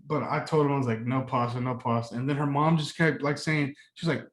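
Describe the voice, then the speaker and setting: A young man co-hosting a podcast, telling stories in a profane, animated way during casual chat. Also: fairly high pitch, quick pace. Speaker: podcast co-host.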